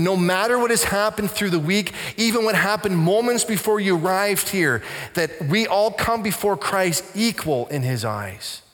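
A man from Canada, a pastor, preaching a sermon with animated storytelling that drops to soft, intense tones. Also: high voice. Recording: long church reverb.

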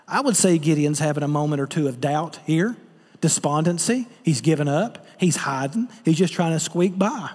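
High-voiced man preaching in a reverberant hall. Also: expressive, moderate pace, darkish tone, slightly rough. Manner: earnest preaching, rhetorical questions to the congregation. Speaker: pastor. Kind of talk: sermon.

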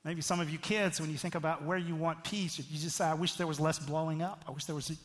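Pastor preaching in a reverberant hall. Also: male voice, fairly high pitch, steady tone, quick pace. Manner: conversational, frequent "right?" asides. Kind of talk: sermon.

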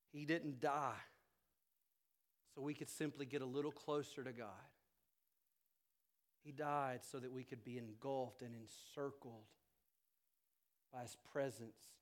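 A male pastor preaching a sermon to his church, swinging from loud, emphatic climaxes down to quiet, intimate passages. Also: mid-range voice. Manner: rises to loud emphatic preaching, then drops soft.

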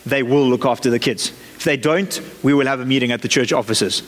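A man's voice: mid-range voice, steady tone, brisk, few pauses, fairly bright tone, a little hiss or hum. Conversational male preacher in a reverberant hall. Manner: conversational and lightly joking. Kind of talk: sermon. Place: church.

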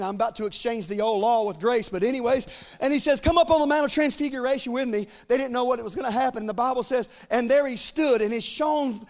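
A man preaching an impassioned sermon, acting out biblical dialogue in casual voices and building to near-shouting peaks. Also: very high voice. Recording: long hall reverb.

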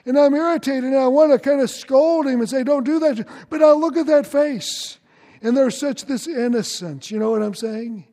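A man's voice: extremely high pitch, normal speed, mellow, big-room sound. A man preaching a sermon as pastor, earnest and direct, questioning his congregation.

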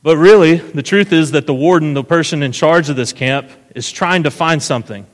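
A man's voice: a little high, moderate pace. Man preaching in a reverberant hall. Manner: casual storytelling, keeps checking in with "right?". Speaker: pastor. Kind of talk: sermon.

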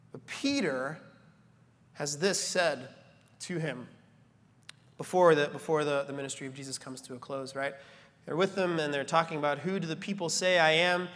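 A man preaching a sermon as a pastor, animated, building to emphatic peaks and slipping in joking asides. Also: fairly high pitch. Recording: reverberant church hall.

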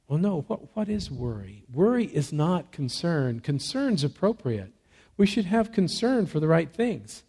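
Very animated and fairly high-pitched, with a slight roughness, a man preaches as a pastor in a dynamic sermon. He asks rhetorical questions and answers them himself, swinging from quiet, deliberate stress to loud, climbing exhortation.

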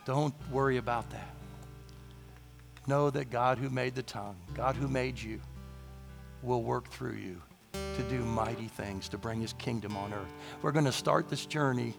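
A man preaching a sermon, his voice hoarse and gravelly, declaring bold lines with rising emphasis. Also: unhurried, long pauses, faint music behind. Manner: declaring boldly, rising to emphatic high passages. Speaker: pastor.

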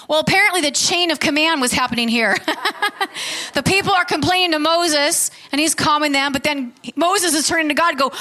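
Brief: fervent female preacher, high and bright tone, tosses questions to the congregation. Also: fairly quick. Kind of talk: sermon.

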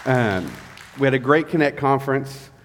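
A man's voice: medium pitch, animated, fairly bright tone, a faint crowd. Male pastor preaching, weary and candid, a long reverb from the church hall. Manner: candid, tired, halting with many fillers. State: tired. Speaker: guest pastor. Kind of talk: sermon. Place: church sanctuary.

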